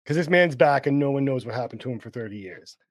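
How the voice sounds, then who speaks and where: A man's voice: medium pitch, quick pace. A man co-hosting a podcast, telling a story casually from his outline with many fillers and restarts. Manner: relaxed, rambling with many fillers. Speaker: podcast co-host.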